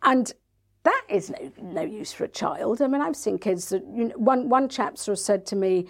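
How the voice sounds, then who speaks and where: Chatty woman, higher voice. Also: animated, moderate pace. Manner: chatty, acts out quoted voices of parents and kids. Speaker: guest, NLP practitioner and author. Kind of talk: casual interview talk.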